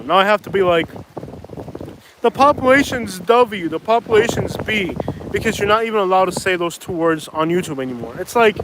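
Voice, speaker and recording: A man live streaming outdoors from a jetty, rambling casually and saying "bro" and "like" a lot. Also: high-pitched. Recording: wind noise on outdoor mic.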